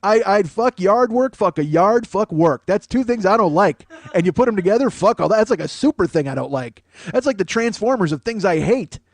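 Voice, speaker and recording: A man's voice: sits high, lively intonation, brisk, few pauses, no room sound. A man in his forties hosting a comedy podcast, ranting in a rambling, profane and sarcastic way. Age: 40s. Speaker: podcast host.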